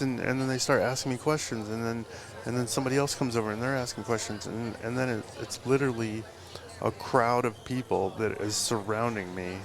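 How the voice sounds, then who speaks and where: A man's voice: medium pitch, fairly even intonation, a little fast, few pauses. A man, a tattoo artist, telling a long story in a live podcast interview, rambling with lots of fillers and swearing. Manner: rambling, full of fillers and profanity. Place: live event at a tattoo convention. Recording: loud crowd chatter at a live event.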